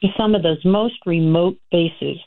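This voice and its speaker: A woman's voice: fairly low pitch, measured pace. An older woman, a nonprofit founder, telling stories in a casual interview and acting out the voices in her anecdotes. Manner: animated storyteller, acts out voices in anecdotes. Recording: phone line.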